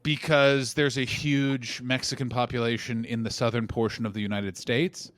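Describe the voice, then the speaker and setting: A man co-hosting a comedy podcast, telling rambling, animated stories full of swearing and quoted voices. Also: medium pitch, normal speed, dry recording. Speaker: podcast co-host. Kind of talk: casual comedic chat.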